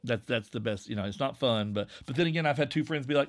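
Gravelly Appalachian man, relaxed and rambling. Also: medium pitch, fast. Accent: Southwest Virginia Appalachian. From Southwest Virginia, USA. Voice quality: slightly nasal. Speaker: podcast creator and narrator. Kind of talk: casual conversation.

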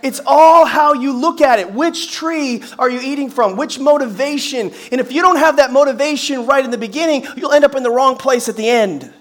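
A middle-aged male pastor with a strikingly high voice preaches to his congregation. He is lively and emphatic, poses rhetorical questions with folksy humor, and punches key phrases up to a shout. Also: fairly quick, hardly any pauses. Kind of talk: sermon. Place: church service before a congregation.

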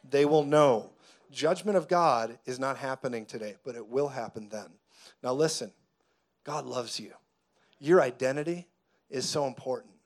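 A man preaching a sermon, moving between quiet, intense stretches and loud, joking outbursts where he laughs and acts out voices. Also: mid-range voice, normal speed. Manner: preaching with humor, acting out voices. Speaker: pastor.

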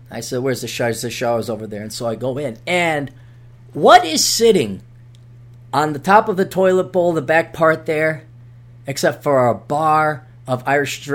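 Rambling, animated podcast host. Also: male voice, fairly high pitch. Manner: rambling and animated, with jokey asides. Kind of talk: casual solo podcast monologue.

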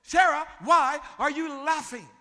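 A man voicing God as a commanding male figure who loudly proclaims promises. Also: very high-pitched, measured pace, big-room sound, pitched above the performer's own voice, heavily acted. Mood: proclaiming.

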